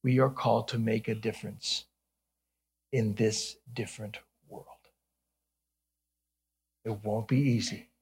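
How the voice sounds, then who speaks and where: A man's voice: lowish voice, a little slow, pauses often, breathy edge. A middle-aged man from Ohio, a pastor preaching an earnest sermon with humorous asides. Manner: earnest, then playfully animated with jokes.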